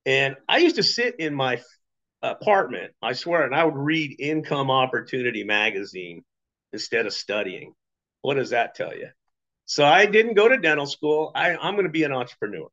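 Middle-aged man, mid pitch, storyteller type, loose conversational delivery, lo-fi sound. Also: animated, moderate pace, fairly bright tone. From Las Vegas, Nevada. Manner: chatty storytelling with fillers and acted quotes. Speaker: business testimonial speaker. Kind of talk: casual personal story. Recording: dull lo-fi recording.

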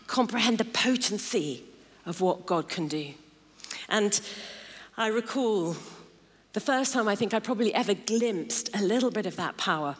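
A middle-aged woman delivers an emphatic sermon, stacking phrase upon phrase. Her voice sits at an ordinary pitch for a woman. The sound carries the long reverb of a large church hall. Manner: emphatic, builds lists of intensifying phrases. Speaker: preacher.

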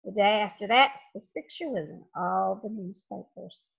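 A woman reading a children's chapter book aloud in an expressive, dramatic way. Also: medium pitch, moderate pace, vocal fry, slightly rough. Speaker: storybook reader. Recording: dull lo-fi home recording.

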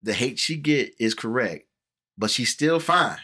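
A man hosting a casual movie review chat, animated, repeating words and acting out the people he quotes. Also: medium pitch, unhurried, slightly rough. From Cincinnati, USA. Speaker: podcast host.

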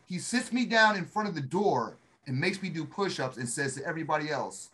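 A middle-aged man telling a story in a casual chat, animated and acting out the voices of the people he quotes. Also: on the high side, brisk, hardly any pauses, slightly rough. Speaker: podcast co-host, Army veteran.

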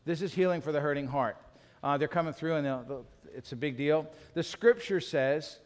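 In a church sanctuary, a middle-aged pastor with a fairly high-pitched voice delivers a sermon at normal speed. He's candid and self-deprecating, acting out little conversations with his wife, and the church's hall reverb colors the recording.

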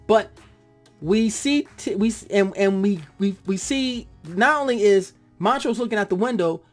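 A lively reviewer chats through a TV episode, voice rising and falling as they act out their own reactions. They drift now and then into heartfelt side remarks. Faint music plays softly behind them. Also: medium pitch, moderate pace. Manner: animated, acts out own reactions. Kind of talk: casual spoken review.

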